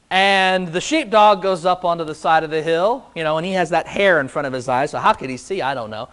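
A man preaching a sermon as pastor, slow and emphatic, building on repeated rhetorical questions. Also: high-pitched, a bit bright.

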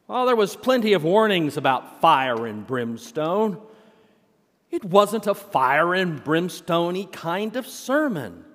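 A male senior pastor preaching a sermon. He opens with a humorous story, told in a deliberate way. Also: high voice, big pitch swings, a bit bright. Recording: long church hall reverb.

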